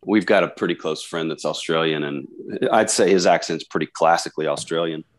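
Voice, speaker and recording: A man co-hosting a casual movie podcast, talking in a thoughtful, relaxed way with frequent ums. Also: rumbling low, a little fast. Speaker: podcast co-host.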